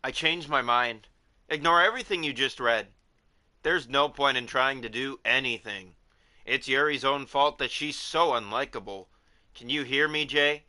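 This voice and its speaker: A man reading aloud the slow, chanting lines of an eerie possessed girl from a visual novel. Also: medium pitch, pushed and bright.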